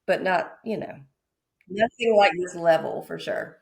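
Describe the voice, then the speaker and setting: Gravelly low woman telling a story. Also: a little slow. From Mississippi, US. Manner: animated, acts out quoted voices. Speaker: realtor guest. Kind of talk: casual podcast storytelling.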